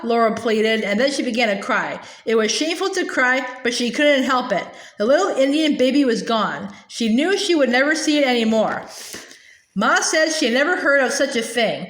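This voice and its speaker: A woman with a high voice reads a children's book aloud, gently and with small restarts. The room has a clear echo. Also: expressive. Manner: gentle, slightly halting reading with small restarts. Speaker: storybook reader. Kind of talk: reading a children's novel aloud.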